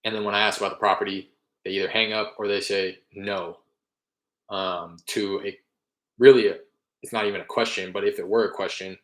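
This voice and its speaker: Man, low voice, casual rambling explainer, cold-calling walkthrough. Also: fairly even intonation, fairly quick, a bit bright, roomy sound. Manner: casual, rambling, talks to viewers between calls. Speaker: real estate wholesaler cold calling. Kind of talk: explaining cold calls between live calls.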